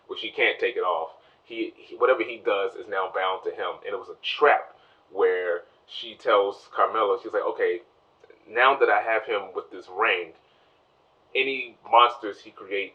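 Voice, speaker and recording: Recorded far from the mic with dull audio, a man with a lowish voice gives a rambling, spoiler-filled recap of a TV show. Along the way he performs the characters' lines in quick voices.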